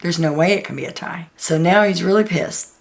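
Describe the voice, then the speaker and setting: A woman's voice: fairly low pitch, brisk, gravelly. A woman host chatting through a casual, gossipy recap of a reality show, full of "like" and "um".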